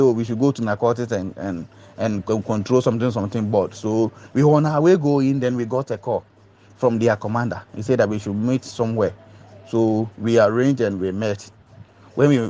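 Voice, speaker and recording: A man, a doctor giving an emotional personal account, acting out other voices and stumbling over repeated words. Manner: animated storyteller, acts out other voices with big pitch jumps. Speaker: doctor recounting a police ordeal. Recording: muffled lo-fi recording.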